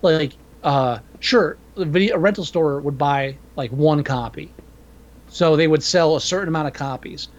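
Profane higher-voiced man on a lo-fi mic. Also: moderate pace. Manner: profane, rambling, opinionated. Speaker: podcast co-host. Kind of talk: casual movie review chat.

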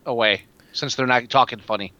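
A man co-hosting a casual movie review podcast, talking in a wry, animated way and slipping into joking voices. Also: medium pitch, fairly quick, no room sound, highs cut off. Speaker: podcast co-host.

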